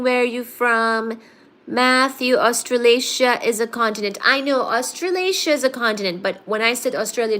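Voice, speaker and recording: A woman's voice: fairly high pitch, fairly bright tone. A woman hosting a live stream who has a bit of a cold, playfully reading viewer comments aloud and answering them. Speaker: livestream host reading viewer chat. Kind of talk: casual live-stream chat.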